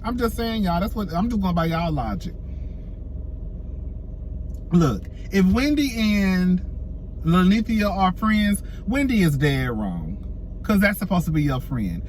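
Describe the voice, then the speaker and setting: A male celebrity gossip vlogger dishes sassy, chatty reality-TV commentary, calling his viewers "girl" and "y'all" and laughing often. His high voice is sing-song and unhurried with frequent pauses, over a little hiss or hum.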